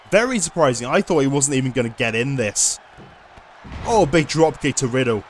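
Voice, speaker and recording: A man giving lively play-by-play commentary over a wrestling video game, often bursting into loud excited shouts. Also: mid-range voice, a little fast, slight background noise.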